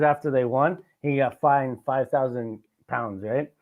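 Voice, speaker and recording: A young man, hosting a podcast and talking excitedly about sports, swearing often. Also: mid-range voice, moderate pace, narrow, tinny audio. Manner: excited, swears a lot, passionate sports fan. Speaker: podcast host. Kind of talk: casual chat.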